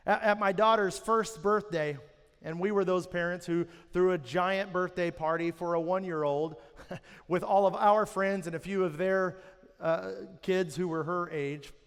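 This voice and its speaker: A man's voice: high voice, fairly even intonation, a little slow, clean tone. A man in his thirties preaching a sermon to a church, telling family stories with self-mocking humor. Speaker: pastor. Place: church auditorium. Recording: reverberant hall.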